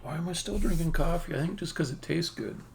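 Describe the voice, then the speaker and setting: A man's voice: a little high, brisk, creaky, noisy background. A man who develops games, thinking aloud to himself while he live-codes and often trailing off mid-thought. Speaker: game developer streaming live coding.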